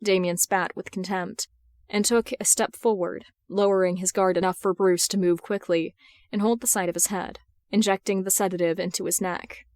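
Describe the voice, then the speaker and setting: A woman reads fan fiction aloud in a steady, even narrating voice of middle pitch. The recording is close and dry, made at home with no room echo. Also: normal speed. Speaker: podfic reader. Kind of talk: audiobook narration.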